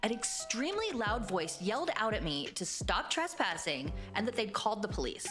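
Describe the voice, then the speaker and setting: Lively scripted female narrator. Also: medium pitch, over music. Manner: measured, explanatory. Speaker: video essay narrator.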